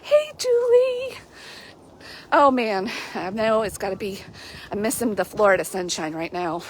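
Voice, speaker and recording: A middle-aged woman, a Christian life coach, talking through a casual devotional livestream in a chatty, animated way with frequent laughs. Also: mid-range voice, moderate pace, slight background noise. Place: outdoors on a mild day.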